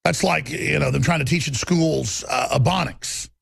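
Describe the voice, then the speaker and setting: A man's voice: fairly high pitch, moderate pace, gravelly, husky, no echo, studio quality. A man hosting a talk radio show, delivering a combative, emphatic monologue.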